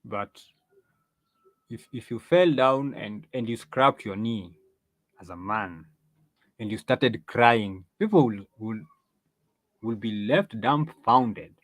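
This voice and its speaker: A man's voice: on the low side, takes it slowly, pauses often, fairly bright tone, dry recording. A man hosting an opinion monologue, lecturing emphatically, drawing out stressed phrases, with frequent restarts and rhetorical questions. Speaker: host.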